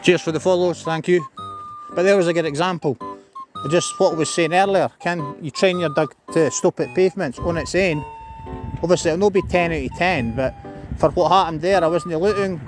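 A man's voice: on the high side, normal speed, music in the background. A Scottish man vlogging outdoors while walking his dog, blunt and sweary, giving commands. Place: outdoors on a seafront by a road.

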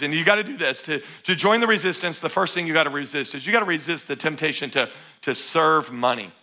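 Bright, high-voiced male pastor preaching. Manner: energetic, joking with the congregation. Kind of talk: sermon. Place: church before a congregation.

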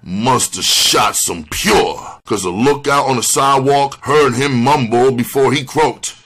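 A man voicing a crude old male barfly who gossips loudly, with rough shouting bursts. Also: medium pitch, animated, takes it slowly, voice pushed up, exaggerated voice. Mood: gossiping, crude.

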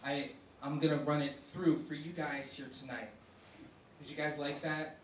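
A young man performing a stand-up set on a university stage, telling it in a halting way with many restarts. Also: a little high, steady tone, slight background noise. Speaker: stand-up comedian. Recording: echoey room, from far off.

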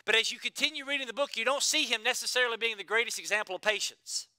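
A man preaching a sermon, building through emphatic repeated phrases and dropping at times to a hushed, quiet delivery. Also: very high-pitched, quick pace, clear, resonant tone, dry recording. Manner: preaching with emphatic repetition, swinging between loud and hushed. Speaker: pastor.

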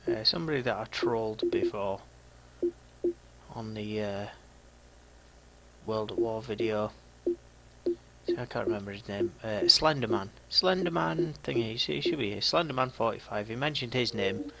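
Gravelly Yorkshire gaming vlogger man. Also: lowish voice, big pitch swings, normal speed, bright, forceful tone, a little hiss or hum, rough recording. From Yorkshire, England. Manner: dry, mocking, chatty. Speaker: gaming YouTuber. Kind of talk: casual video commentary.

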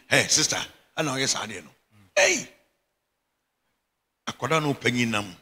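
Forceful Ghanaian bishop preaching. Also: male voice, medium pitch, animated, brisk, husky. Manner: emphatic preaching with frequent laughter. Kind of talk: sermon. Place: church chapel.

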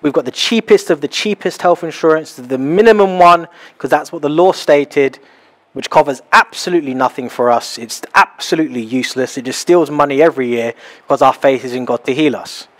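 A young man preaching a sermon in a small house church, animated and acting out little scenes as he talks. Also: fairly high pitch, brisk. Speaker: pastor.

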